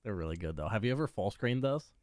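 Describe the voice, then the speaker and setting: A man's voice: lowish voice, animated, fast, a little mellow, no echo, studio quality. A man hosting a casual podcast, joking and rambling and swearing freely as he chats with his co-host.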